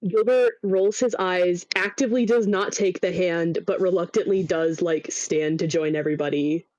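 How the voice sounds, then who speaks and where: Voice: medium pitch, steady tone, normal speed, darkish tone, no echo, low-quality recording. A player in a casual tabletop game, wry and teasing.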